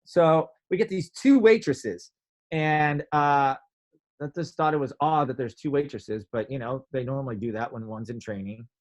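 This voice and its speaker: A man telling a story in a casual interview, animated, filling his talk with "like" and acting out quotes. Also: medium pitch, normal speed. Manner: animated, many "like" fillers, acts out quotes. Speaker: podcast guest, drummer.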